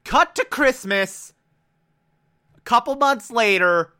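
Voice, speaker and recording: A man recapping a TV episode in a casual, excitable way, with emphatic bursts into loud exclamations. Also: sits high, slow pace.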